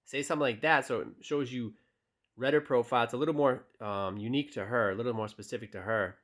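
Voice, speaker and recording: A man's voice: mid-range voice, quick pace. A young man coaching on dating, talking casually with many fillers and reading text messages aloud. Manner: relaxed, direct, many fillers. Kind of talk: casual tutorial talk, reading texts aloud.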